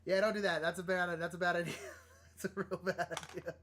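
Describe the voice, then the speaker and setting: A man's voice: high voice, flat delivery, fast talker, a bit bright, slight background noise. A young man chatting casually on a live stream while drawing, thinking aloud and laughing often. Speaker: livestream artist.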